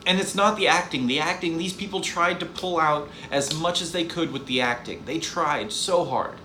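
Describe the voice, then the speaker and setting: A fairly high-pitched man with a bright, forceful voice tears into a film in a loose, rambling review. He sounds exasperated and sarcastic, often restarting his sentences. The recording is roomy, with a faint hum behind him. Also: moderate pace. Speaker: movie reviewer. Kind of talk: casual spoken film review.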